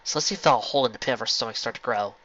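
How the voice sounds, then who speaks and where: A man reading a fan fiction story aloud with expressive narration. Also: medium pitch, rapid-fire, no room sound. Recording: lo-fi home recording.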